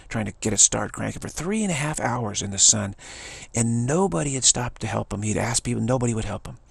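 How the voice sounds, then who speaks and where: Gravelly, raspy man telling a rambling story. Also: dry recording. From California. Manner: digressive, repeats words, many "you know" and "like"; acts out other people's quoted voices in a higher pitch. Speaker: vlogger telling a personal story.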